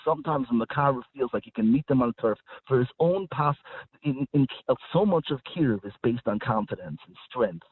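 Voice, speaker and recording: A man's voice: medium pitch, lively intonation, brisk, slightly rough, no room sound. A man speaking as a guest rabbi in a radio discussion, talking emphatically with frequent repeated words and restarts. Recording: dry, phone-like line.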